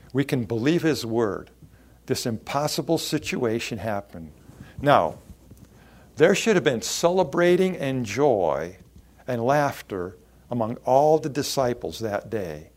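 A man preaching a sermon, expressive and acting out the people he quotes. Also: mid-range voice. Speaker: pastor.

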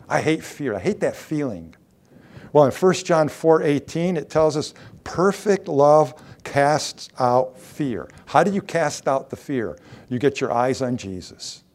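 A man's voice: a little high, animated, unhurried, darkish tone. A middle-aged man preaching a sermon, asking rhetorical questions and reading scripture aloud.

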